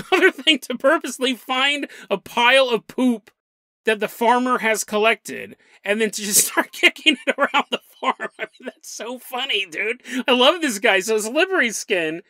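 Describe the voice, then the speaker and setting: Guy hosting a podcast, super animated, laughs a lot, bright voice. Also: sits high, no echo. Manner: animated, jokey, laughs often. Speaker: podcast host. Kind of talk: casual storytelling podcast.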